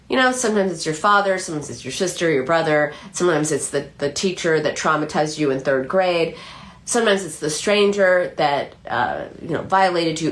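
A middle-aged woman, a psychoanalyst, explaining a case with lively storytelling and frequent restarts. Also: lowish voice. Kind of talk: explanatory talk.

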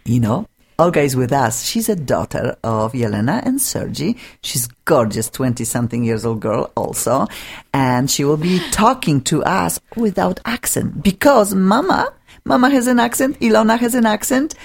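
A woman's voice: deep voice, animated, normal speed, gravelly, breathy edge. A woman hosting a studio talk show, chatty and enthusiastic, with non-native phrasing. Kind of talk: casual studio chat.

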